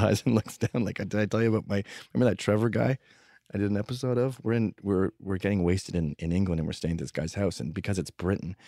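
A man's voice: deep voice, dark tone, no room sound, clean studio sound. A man telling rambling, profane stories with sardonic humor in a comedic monologue. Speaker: podcast host telling stories.

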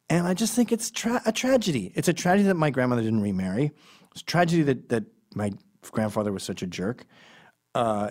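A man telling a long comic story, rambling and profane and dropping deadpan asides. His voice sits in a middle register, and the delivery is loose and conversational. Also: mid-range voice. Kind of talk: comedic storytelling monologue.

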